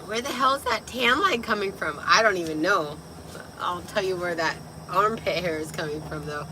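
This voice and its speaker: A young woman with a raspy voice, tipsy and chatting casually on a livestream, loose, giggly and swearing. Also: lowish voice, normal speed, background noise. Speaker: vlogger.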